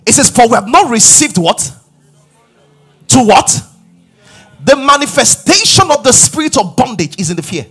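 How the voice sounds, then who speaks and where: A middle-aged man preaching a sermon as pastor, emphatic and rising to shouts. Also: extremely high pitch, sing-song, normal speed, long pauses, slightly rough.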